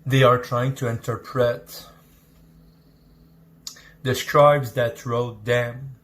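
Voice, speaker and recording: A man explaining scripture in a preaching style, halting and restarting mid-sentence. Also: mid-range voice, little pitch movement, fairly bright tone. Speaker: Bible teacher on a video clip.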